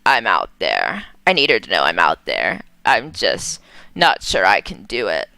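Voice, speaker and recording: A woman's voice: extremely low pitch, wildly swooping pitch, unhurried, creaky, sharp tone, no echo, voice pushed down, heavily acted. A woman voicing the ghost of a dead mother who speaks hesitantly and sorrowfully.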